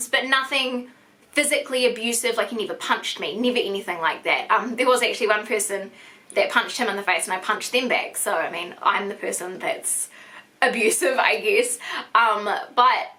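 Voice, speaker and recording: Bright-voiced New Zealand woman in her twenties. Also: sits high. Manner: frank and chatty, heavy use of "like". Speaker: vlogger. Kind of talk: candid storytime monologue.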